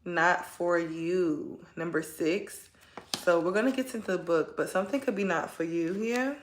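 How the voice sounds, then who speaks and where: A woman's voice: lowish voice, moderate pace, reverberant, a little hiss or hum. A woman giving a casual tarot reading from home, talking straight to her viewers in a chatty, heartfelt way. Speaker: tarot reader. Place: at home, kids nearby.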